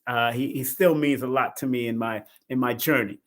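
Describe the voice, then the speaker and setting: A middle-aged man hosting a live numerology talk show, casual and animated, laughing often and swinging from loud bursts to soft asides. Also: medium pitch, normal speed.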